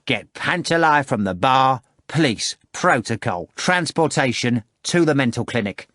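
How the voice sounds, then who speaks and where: A man's voice: medium pitch, expressive, a little slow, no room sound, studio quality, lightly acted. A man voicing a stern restaurant boss who barks orders and scolds a doorman. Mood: cold. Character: commanding restaurant manager posing as a stern pirate-like boss.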